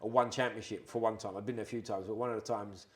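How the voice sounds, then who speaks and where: Fast-talking man telling stories. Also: fairly low pitch. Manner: rambling, animated storyteller who acts out quoted exchanges. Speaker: podcast guest. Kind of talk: casual storytelling chat.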